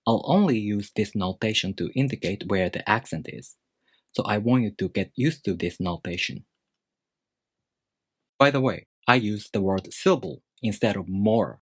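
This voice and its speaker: A man teaching a language lesson in a deliberate, scripted explanatory way, slowing down to demonstrate pitch on example words. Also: husky, no room sound, clean studio sound.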